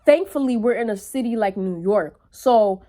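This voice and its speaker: Her pitch runs a little high as she narrates her vlog casually and energetically, cursing freely and tossing off brief remarks to the people watching.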